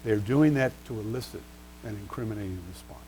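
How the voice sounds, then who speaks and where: A man delivers a law review lecture in a mellow, relaxed voice, posing questions to his listeners and answering them himself. He leans on key terms and spells out case names, and a faint hum sits under the recording. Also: lowish voice, fairly quick, rough recording. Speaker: bar exam lecturer.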